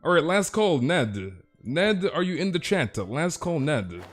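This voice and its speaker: A man's voice: a little high, very animated, a little slow, faint music behind. Teasing male game streamer. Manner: playful teasing banter, says dude a lot. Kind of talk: casual live-stream chatter.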